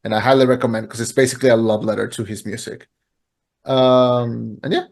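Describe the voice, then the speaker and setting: A man co-hosting a laid-back podcast, talking in a rambling way with plenty of ums and uhs. His voice sits at an ordinary middle pitch. He sometimes bursts into loud, high impressions. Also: steady tone, a little fast, vocal fry. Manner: rambling, lots of fillers, booming impressions. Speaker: podcast co-host. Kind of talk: casual podcast chat.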